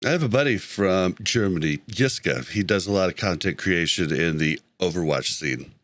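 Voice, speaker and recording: A man's voice: low-pitched, lively intonation, normal speed, fairly bright tone, no echo. A man hosting a casual gaming podcast over an online call, laughing easily and correcting himself as he goes. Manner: laughs often, loose and self-correcting. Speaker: podcast host.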